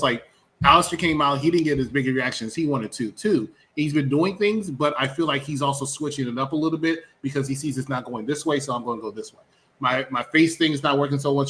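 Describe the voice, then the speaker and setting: A man co-hosting a wrestling review show, rambling and joking in casual chat, with a faint hum of background noise. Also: medium pitch. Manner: rambling, animated, jokey with mocking impressions.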